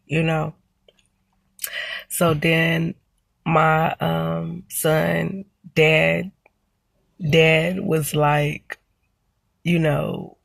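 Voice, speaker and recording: A woman's voice: deep voice, level tone, drawn-out words, vocal fry, long pauses, no room sound. A woman in her thirties telling a personal story to her camera, reflective and full of "you know" and "um". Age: 30s. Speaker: mother and vlogger.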